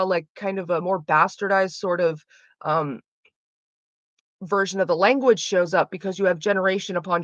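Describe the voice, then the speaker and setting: A woman's voice: medium pitch, a bit bright, no echo. A young woman chatting casually on a livestream, rambling with lots of fillers, restarts and casual swearing. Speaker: streamer. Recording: dull lo-fi dry sound.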